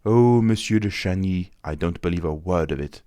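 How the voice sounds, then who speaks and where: A man reading an audiobook, voicing a grave, cautious stranger who speaks in calm, measured warnings. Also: deep voice, no echo, clean studio sound, natural voice. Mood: guarded. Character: grave, mysterious male stranger, cautious and secretive.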